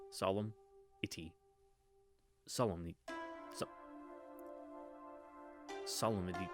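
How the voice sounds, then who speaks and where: Guy with a deep voice reading a story out loud, trips over words, fixes them, cusses a bit, faint music behind. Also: fairly even intonation, unhurried, pauses often. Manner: stumbles on words and corrects himself with wry asides; swears casually in asides. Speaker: reader of a visual novel. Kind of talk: casual read-through of a story.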